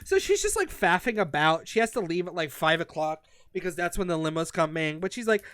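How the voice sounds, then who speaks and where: A male podcast co-host with a high voice recaps a book's plot casually and with lots of swearing, animated throughout in a relaxed book review chat. He speaks at a moderate pace, and the recording has no echo.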